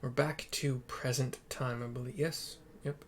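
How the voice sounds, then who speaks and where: A man's voice: mid-range voice, steady tone, a little slow, hardly any pauses, a little hiss or hum. A man casually narrating and describing a game playthrough for listeners who cannot see it, swearing now and then. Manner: casual, swears, thinks aloud. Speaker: game narrator for visually impaired viewers.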